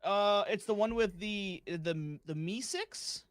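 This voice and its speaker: A man's voice: high voice, slow, no echo, clean studio sound. A man co-hosting a podcast in casual chat, stammering a little and laughing easily. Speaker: podcast co-host.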